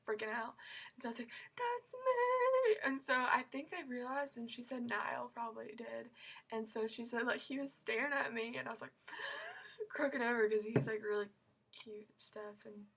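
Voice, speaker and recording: A woman's voice: fairly high pitch, level tone, normal speed, vocal fry, fairly bright tone, husky. A teenage girl telling a story in a vlog, gushing and rambling with many fillers and squealing when she quotes herself. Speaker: vlogger.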